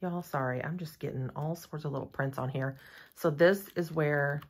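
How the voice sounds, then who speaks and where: A woman's voice: deep voice, moderate pace, breathy edge. A woman doing a casual unboxing review of nail gear, chatty and gushing, with rambling asides. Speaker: nail content creator reviewing a product.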